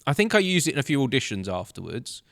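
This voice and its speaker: A middle-aged man hosting a podcast, talking in a measured, reflective way. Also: mid-range voice, big pitch swings, gravelly, dry recording, clean studio sound. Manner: reflective, measured, warm reminiscing. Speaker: podcast host. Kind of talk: casual chat.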